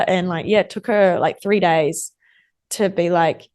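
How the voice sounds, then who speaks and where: Her voice sits fairly low and a little mellow, and she keeps a measured pace. She's a young woman guesting on a casual interview, telling stories in a loose, filler-heavy way, saying "like" a lot and playing out what others said to her.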